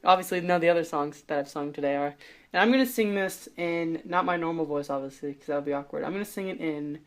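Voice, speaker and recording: A woman's voice: low voice, fast. A woman hosting a casual podcast, chatting in a rambling, self-deprecating way and improvising songs on guitar. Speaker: podcast host. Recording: loud guitar music underneath.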